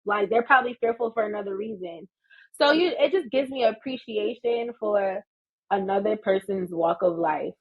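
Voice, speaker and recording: An American woman in her thirties, a podcast guest telling stories in an animated, laughing way. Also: medium pitch, moderate pace, slightly rough, highs cut off. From United States. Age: 30s. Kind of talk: casual storytelling chat.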